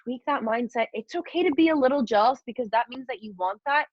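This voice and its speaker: A woman's voice: on the high side, fast talker, no room sound. Young woman chatting on a video call, candid, swears a lot, kinda lo-fi dry sound. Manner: chatty and candid, swears freely, acts out inner voices. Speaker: guest mentor. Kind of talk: casual motivational talk on a group call.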